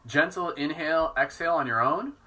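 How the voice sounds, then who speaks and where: A man leading a live guided meditation in a relaxed, soft-spoken, self-mocking way. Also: fairly high pitch, a little fast, rough recording. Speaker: meditation teacher.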